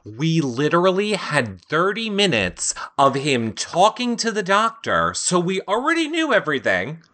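Woman co-host, comedic recap chat, lively and sharp-toned, prone to goofy impressions. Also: on the low side, unhurried. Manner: animated, mocking, breaks into silly whiny impressions. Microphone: live-streamed studio mic.

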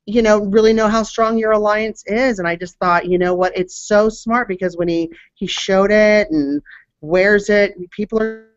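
A man's voice: high-pitched, fairly even intonation, normal speed, smooth, no room sound. A man co-hosting a casual recap chat, chatty and agreeable. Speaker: co-host. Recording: slightly muffled dry audio.

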